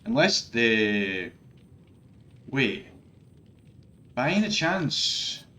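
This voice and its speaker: A man's voice: mid-range voice, sing-song, extremely slow, pushed and bright. A man giving frustrated, ranting commentary over his own gameplay, swearing often. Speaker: gaming streamer.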